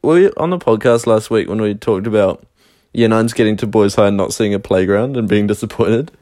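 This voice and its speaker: A man's voice: fairly low pitch, brisk, a little mellow, no echo. A young man, a podcast co-host making dry, wry remarks in casual chat.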